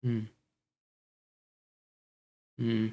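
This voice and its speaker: A man's voice: extremely slow, dull audio. A Scottish man chatting casually on a stream, rambling, swearing often and talking to himself.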